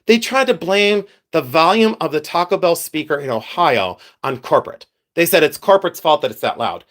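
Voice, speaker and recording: A man's voice: fairly high pitch, animated, moderate pace, a bit bright. A man hosting a casual live stream, telling stories and answering viewers' comments by name. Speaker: livestream host.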